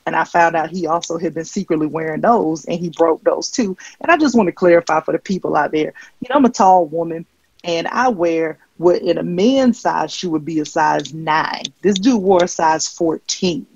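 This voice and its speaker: Deadpan gravelly woman doing stand-up. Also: low-pitched, moderate pace, lo-fi sound. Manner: deadpan, rambling asides with filler ums. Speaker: stand-up comedian. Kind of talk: stand-up comedy set. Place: comedy stage.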